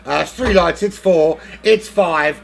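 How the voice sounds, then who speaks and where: A man's voice: a little high, measured pace, gravelly. A man giving casual live commentary on a sim race, rambling and joking as he hosts the lobby. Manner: rambling, jokey, self-interrupting.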